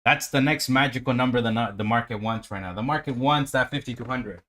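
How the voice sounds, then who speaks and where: A man doing live trading commentary on a stream, talking to himself and his viewers in a profane, excitable, hyped-up way. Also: medium pitch, fairly quick. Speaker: livestream day trader.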